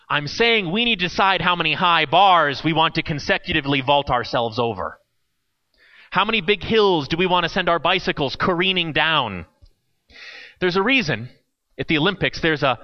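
A man delivers a sermon with a conversational, playful edge. His fairly high voice swings widely in pitch as he tells the story. The recording sounds muffled and lo-fi. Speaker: preacher.

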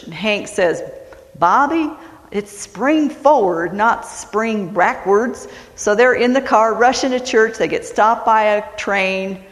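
A woman's voice: mid-range voice, big-room sound, rough recording. A woman pastor from West Virginia preaching a sermon, folksy and self-deprecating, telling a story. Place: church sanctuary.

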